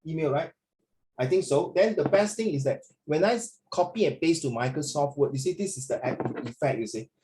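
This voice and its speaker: A male teacher on a video call with a fairly high voice, joking and teasing as he corrects a student's reading. He calls the student "my dear" and drifts between coaching and playful asides. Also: expressive, fairly quick, background noise. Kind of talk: online lesson.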